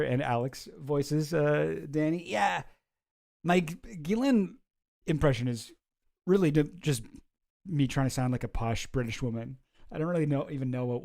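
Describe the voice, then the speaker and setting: A man's voice: mid-range voice, warm tone. A man hosting a casual livestream, rambling and chuckling as he reacts to chat. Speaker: streamer host.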